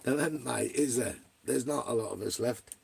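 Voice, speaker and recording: Middle-aged English guy, gravelly voice, blunt and rambling, swears constantly, chatting to viewers on a livestream. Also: mid-range voice, moderate pace, darkish tone. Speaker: vlogger. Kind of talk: casual livestream chat, answering viewers.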